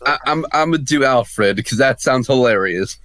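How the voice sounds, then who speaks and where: A man chatting casually with friends, reasoning through his picks out loud. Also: mid-range voice, animated, normal speed, no room sound. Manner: chatty, reasoning aloud with restarts. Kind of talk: casual chat.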